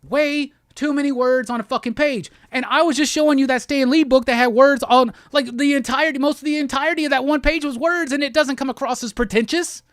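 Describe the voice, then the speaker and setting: A man's voice: extremely high pitch, steady tone, fairly quick, hardly any pauses, fairly bright tone, dry recording, clean studio sound. A man hosting a comic book show, giving a heated, profane review in a rant-style talk. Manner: heated, profane, repetitive ranting.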